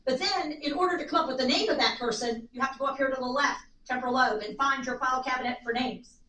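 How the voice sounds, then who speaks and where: A woman lecturing a live audience on aging in an animated way, acting out little voices, in a seminar room. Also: sits high, quick pace. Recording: echoey room, distant mic, faint noise.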